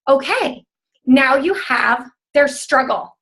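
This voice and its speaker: A woman with a high, bright voice leads her team through a coaching call. She talks in a chatty, upbeat way and acts out the conversations she describes. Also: unhurried.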